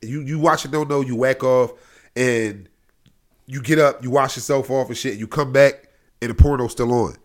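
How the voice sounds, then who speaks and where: A man co-hosting a casual, crude chat, telling stories with loud outbursts and frequent laughter. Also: mid-range voice, fairly even intonation, moderate pace. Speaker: podcast co-host.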